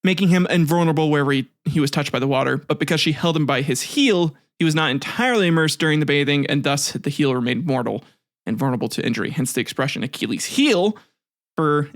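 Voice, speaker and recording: A man's voice: on the high side, expressive, quick pace, no room sound, clean studio sound. A man hosting a casual history podcast, retelling myths with swearing, laughter and jokey asides, often restarting his sentences. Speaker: podcast host.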